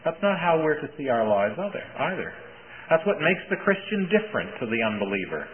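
A man preaching a sermon, telling his points like a story with pauses and small restarts. His pitch rises and falls in a very lively way. The recording sounds thin and phone-like, with a faint hiss underneath.

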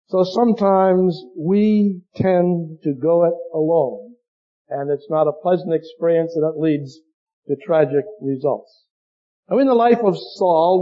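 High-voiced preacher, lo-fi sound. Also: male voice. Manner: storytelling, fond of illustrations. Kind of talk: sermon. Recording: dull lo-fi recording.

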